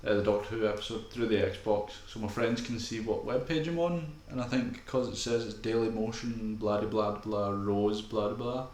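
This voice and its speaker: A man's voice: on the low side, a little mellow, slight background noise. Male podcast co-host, jokey and sweary, room echo. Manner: joking, sweary, acts out quick quoted lines. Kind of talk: casual chat over a viewing. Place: home room. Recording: echoey room.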